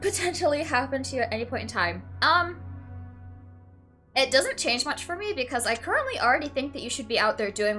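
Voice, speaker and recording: Young woman gamer reading questions out loud, high and bright voice, gets teary, bit of music under her. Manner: emotional, swings from flat to teary and laughing; uses "like" and "literally" often. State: tearful at times. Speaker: let's play streamer. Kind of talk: reading game text aloud and reacting.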